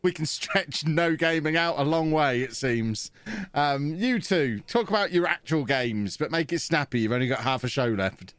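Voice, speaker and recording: Lively teasing podcast host. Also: male voice, fairly high pitch, normal speed, clear, resonant tone, no room sound. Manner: teasing, dry wisecracks. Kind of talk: casual chat.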